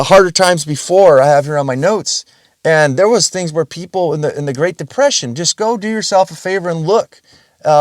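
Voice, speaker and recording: A man's voice: on the high side, dry recording, clean studio sound. Blunt, swearing male podcast host. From Russian family background. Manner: blunt, rambling, swears freely. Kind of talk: casual solo podcast monologue.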